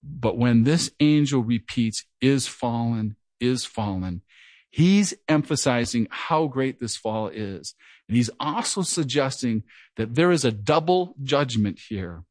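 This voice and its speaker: Lively-voiced man preaching with a slight stutter. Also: mid-range voice, measured pace, no room sound. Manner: earnest verse-by-verse Bible teaching, mentions his own stutter. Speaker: pastor. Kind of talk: sermon.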